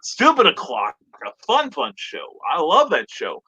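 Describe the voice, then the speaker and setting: A man's voice: sits high, wildly swooping pitch, measured pace, pushed and bright, husky. A man hosting a casual live stream, chatting and reading out viewer comments. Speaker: podcast host. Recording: lo-fi streamed audio.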